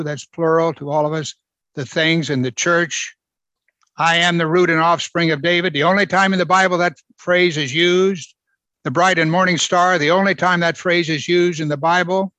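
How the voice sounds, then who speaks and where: A man's voice: a little high, sharp tone, no echo. A man preaching a verse-by-verse sermon, emphatic and repeating phrases for stress. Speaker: pastor. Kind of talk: expository sermon.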